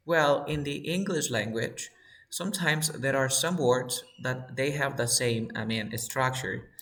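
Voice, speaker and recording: A male teacher leads an online English class, patient and steady, repeating each word aloud so his students can hear where the stress falls. His voice sits at an ordinary middle pitch. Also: vocal fry. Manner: patient, drills students, repeats words for pronunciation.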